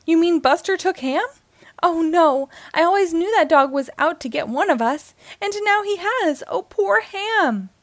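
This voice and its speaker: A woman's voice: high voice, very animated, normal speed, gravelly, hardly any pauses, no echo, pitched above the performer's own voice, full character voice. A woman voicing a jittery, timid male toy dinosaur from a storybook, wailing in panic. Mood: panicked.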